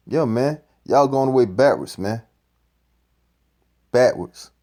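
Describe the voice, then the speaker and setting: Male preacher commenting on a clip, ranting and profane, mid-pitched. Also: animated, measured pace, pauses often, mellow. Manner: ranting, profane, repeats "man".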